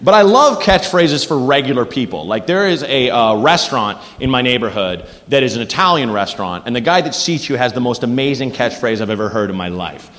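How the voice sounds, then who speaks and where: A man doing a stand-up comedy set on a club stage, animated and quick to slip into silly voices. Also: mid-range voice. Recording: live club recording with hall echo and noise.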